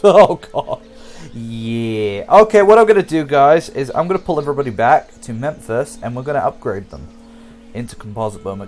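A man's voice: medium pitch, darkish tone. A man giving casual, jokey gameplay commentary, rambling and talking straight to his viewers. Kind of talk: casual let's-play commentary.

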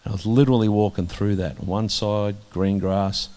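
An Australian man sharing candid testimony in an interview, earnest and halting, with many restarts and a voice that drops soft at times. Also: on the low side, fairly even intonation. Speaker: interviewee, minister.

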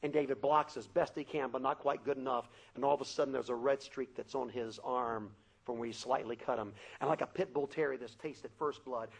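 A man preaching a sermon, telling a story dramatically with shouted sound effects. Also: medium pitch, creaky, poor audio.

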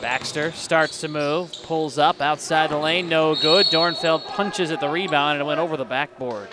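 A man's voice: on the high side, very noisy. Male basketball play-by-play announcer. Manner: rapid, energetic calls with stat rundowns. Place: college basketball gym.

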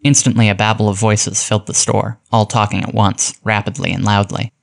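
A man reading a detective story aloud as narrator, in a measured, even way. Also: fairly low pitch, creaky. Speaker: audiobook narrator.

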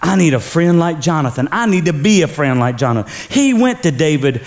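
A man's voice: a little high, fairly quick. A male pastor preaching a sermon with energy, calling on the congregation to repeat after him. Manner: energetic preaching with call-and-response. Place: church sanctuary.

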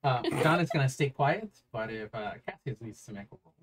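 A woman's voice: rumbling low, expressive, brisk, noisy background. A woman running a tabletop game, narrating in a rambling, stop-start way and swearing casually. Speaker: game master.

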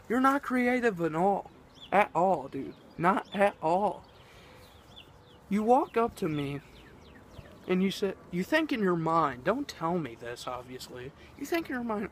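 A man's voice: sits high, big pitch swings, measured pace, slight background noise. A man ranting and swearing in a casual, rambling vlog. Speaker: vlogger.

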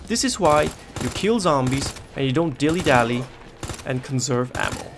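Playing a horror game with a noisy background behind him, a male gaming YouTuber speaks at normal speed in a medium-pitched voice with lively intonation. He's panicky and foul-mouthed, repeating himself under stress when frightened.

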